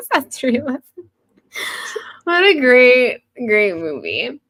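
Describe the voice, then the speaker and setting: A woman's voice: high-pitched, extremely slow. A woman in her thirties co-hosting a podcast, chatting casually and acting out quotes with laughs. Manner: animated, laughing, acts out quotes. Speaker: podcast co-host. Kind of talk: casual chat.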